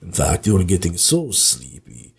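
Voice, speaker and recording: A man putting on an impression of a sultry accented swashbuckler, half-whispering and crooning slowly to lull the listener to sleep. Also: deep voice, sing-song, creaky, husky, pitched below the performer's own voice, exaggerated voice. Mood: hypnotic, sultry.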